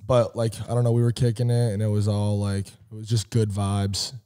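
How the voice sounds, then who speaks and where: A man's voice: fairly low pitch, completely flat delivery, normal speed, warm tone, clean tone. A man from the Boston area, a podcast guest chatting casually in a laid-back, slangy, rambling way. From Boston area, USA.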